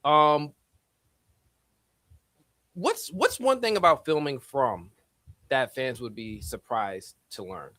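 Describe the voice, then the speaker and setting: A man's voice: medium pitch, expressive, slow, long pauses, pushed and bright, no room sound. A man hosting a live chat, asking playful, joking questions. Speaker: host.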